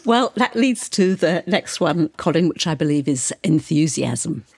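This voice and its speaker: Woman host, lowish husky voice, lively pitch. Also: unhurried. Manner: brief prompting questions. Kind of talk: interview host.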